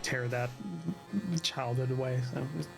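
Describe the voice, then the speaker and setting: A man playing in a tabletop game, joking, chuckling and thinking out loud about his character. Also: mid-range voice, monotone, unhurried, gravelly, music in the background. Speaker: player. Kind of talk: casual chat in a tabletop game.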